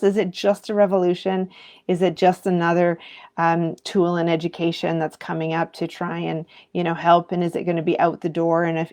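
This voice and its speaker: A woman in her thirties or forties speaks as a mindfulness teacher, addressing educators in an earnest, reflective live talk. Her voice sits a little low and carries a gravelly fry. She keeps turning rhetorical questions back to her viewers. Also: a little mellow.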